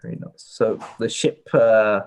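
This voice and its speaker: Casting: male game master, lowish voice, halting narration with lots of "uh". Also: little pitch movement, gravelly, darkish tone. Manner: hesitant, many fillers.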